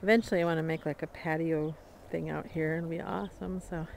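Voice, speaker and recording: A woman with a low, creaky, slightly mellow voice and steady tone talks a little fast as she gives a rambling outdoor tour of her small farm, among barns and animals. Filmed on a handheld camera mic with slight background noise, her casual narration is full of fillers and small laughs.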